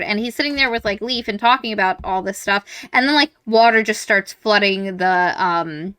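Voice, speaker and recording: A woman co-hosting a podcast, chatting casually about a book series, animated, acting out reactions and swearing freely. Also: medium pitch, normal speed, few pauses, smooth, no echo. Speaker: podcast co-host.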